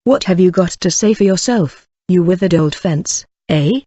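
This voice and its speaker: An audiobook reader voicing a surly, bitter male robber who growls his words slowly and heavily. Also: medium pitch, dark tone, no room sound, natural voice. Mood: growling.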